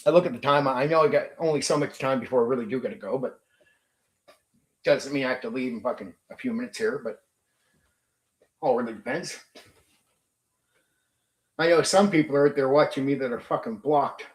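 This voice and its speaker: A man's voice: mid-range voice, fairly quick, long pauses, echoey room. A man hosting a tabletop gaming stream, ranting bluntly and profanely at his chat. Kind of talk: livestream rant.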